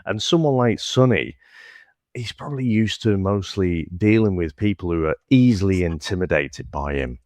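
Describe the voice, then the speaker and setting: Casting note: northern english podcast co-host, very deep voice, dry close mic. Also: male voice, animated, normal speed, darkish tone, dry recording. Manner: thoughtful, stammers on starts, swears casually. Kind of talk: casual film review chat.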